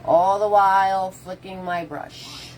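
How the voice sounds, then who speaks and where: A woman's voice: mid-range voice, little pitch movement, takes it slowly, a little mellow, slight background noise, low-quality recording. A woman giving a casual live painting tutorial, chatting with viewers and walking them through each step. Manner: chatty, answers viewer comments while painting; casual, loose step-by-step instructions. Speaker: painting instructor.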